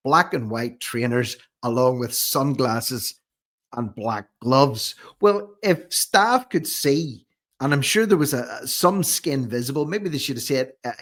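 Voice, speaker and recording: An adult man, speaking at a middle pitch. He hosts a commentary vlog, reading reports aloud in a plain way before pressing his point with a string of indignant rhetorical questions. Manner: reads news reports aloud, then argues. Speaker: host of a commentary channel.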